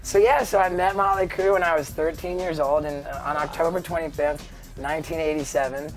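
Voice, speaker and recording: A man's voice: fairly high pitch, fairly even intonation, brisk, faint music behind. Rambling man telling wild stories. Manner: rambling, heavy use of "like" and "you know". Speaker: guest. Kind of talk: casual interview storytelling.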